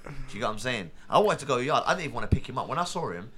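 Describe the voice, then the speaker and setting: A man's voice: mid-range voice, very fast, a little hiss or hum. A young man telling a story about his cab work in casual chat, acting out other people's voices as he goes. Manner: animated, acts out voices in quotes.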